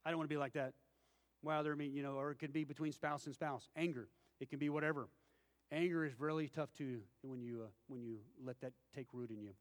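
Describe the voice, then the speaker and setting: Folksy preacher in a reverberant hall. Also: male voice, a little high, fairly even intonation, fairly quick. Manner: folksy storytelling with acted-out quotes. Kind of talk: sermon.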